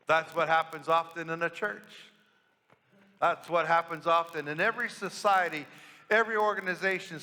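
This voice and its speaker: A priest giving a storytelling sermon in church, talking conversationally and asking the congregation questions. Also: male voice, a little high, pushed and bright. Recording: long church reverb.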